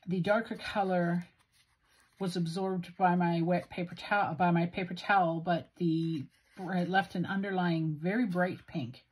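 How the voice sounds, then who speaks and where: Slow husky Western Canadian woman. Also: lowish voice, fairly even intonation. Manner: slow, self-deprecating, musing aloud. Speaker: stationery video host. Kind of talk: casual narrated ink swatching.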